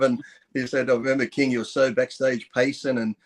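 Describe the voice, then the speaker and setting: Man, mid-pitched, relaxed rambling talk, podcast guest. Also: brisk. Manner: relaxed, rambling, laughs often, swears. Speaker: guest, retired pro bodybuilder. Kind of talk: casual chat.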